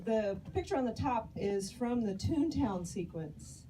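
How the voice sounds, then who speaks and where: A woman's voice: a little high, animated, unhurried, mellow, slight background noise, low-quality recording. A woman moderating a panel, hesitant with many fillers. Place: panel talk before an audience.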